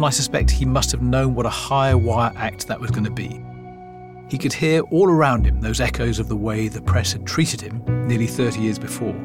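Male narrator over faint music. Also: mid-range voice. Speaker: podcast host and narrator. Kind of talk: scripted documentary narration.

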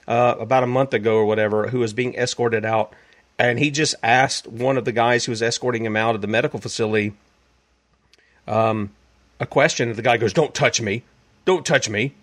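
A man's voice: mid-range voice, fairly bright tone. A man with a Southern US accent hosting a talk show, speaking in a folksy, conversational way and plugging a product. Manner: folksy, conversational, frequent fillers. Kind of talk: casual radio-style commentary with product plug.

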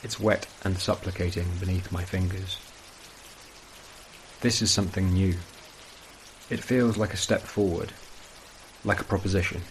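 A man reading a first-person horror story as scripted narration, in a measured, brooding way. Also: low-pitched, steady tone, a little hiss or hum, low-quality recording.

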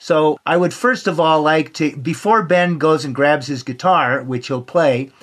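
A man's voice: a little high, unhurried. A man hosting an interview podcast, thanking his guest in an appreciative, gracious way. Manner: warm, appreciative, wrapping up. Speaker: podcast host.

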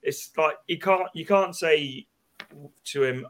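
A man guesting on a football podcast, measured and hedging with fillers. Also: on the high side, a bit bright. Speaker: guest, fan channel creator. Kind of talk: casual football chat.

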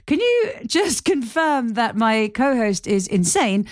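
A woman co-hosting a podcast, animated and joking, laughing often as she asks questions. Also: on the high side, slow, dry recording, studio quality. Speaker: podcast co-host. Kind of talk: podcast interview, casual chat.

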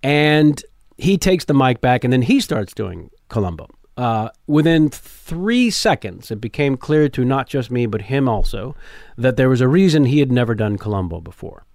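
A man telling a story as a podcast guest, lively and acting out the people in it. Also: mid-range voice, moderate pace, no room sound, studio quality. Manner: lively storyteller who acts out voices. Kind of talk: animated storytelling in casual chat. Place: garage home studio.

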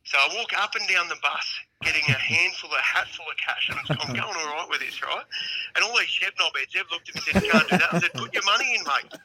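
An Australian man with a very bright, forceful voice that sits a little high. He tells a long yarn in broad slang and laughs his way through it, and he sounds like he is coming in over a call. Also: fast talker, rough recording. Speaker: podcast guest. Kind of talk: casual storytelling chat.

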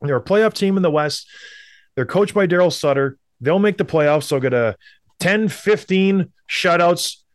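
A man's voice: high voice, expressive, measured pace, dry recording, studio quality. A man from Canada, a show co-host, giving blunt, emphatic opinions in sports talk and repeating points for effect. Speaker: hockey podcast co-host.

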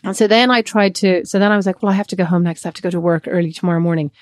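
An Irish woman in early adulthood, co-hosting a podcast and telling stories in a casual, animated way with many quoted asides. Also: fairly low pitch, rapid-fire, no echo, studio quality. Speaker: podcast co-host. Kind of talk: casual chat, storytelling.

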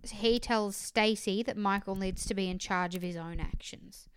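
Smooth-voiced woman co-host. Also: medium pitch, steady tone, moderate pace. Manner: agreeable, frequent back-channel yeahs, emphatic bursts. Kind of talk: casual recap chat.

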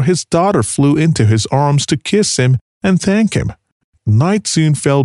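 Expressive male storyteller, dry close sound. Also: medium pitch, dry recording. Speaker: narrator. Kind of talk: storytelling narration.

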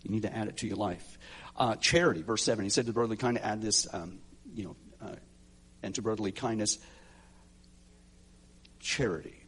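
A man's voice: on the low side, brisk, pauses often, husky. A middle-aged male pastor preaching a sermon, building to emphatic peaks with frequent restarts and fillers.

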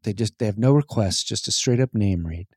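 Brief: male podcast co-host, mellow dark tone, dry sound, easygoing and halting. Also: fairly low pitch, husky, no echo. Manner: easygoing, reading listener names with halting fillers. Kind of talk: casual chat.

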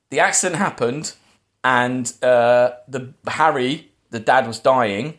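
A man's voice: mid-range voice, a bit bright. A man hosting a casual film podcast, recapping the plot in a rambling way with many restarts. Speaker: podcast host.

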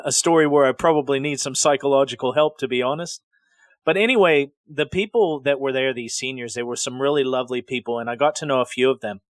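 A man's voice: medium pitch, no echo. Man, middle-aged, from the Pacific Northwest, podcast host, rambling storyteller, mid-range voice, dry sound. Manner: rambling, digressive, conversational. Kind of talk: casual spoken storytelling.

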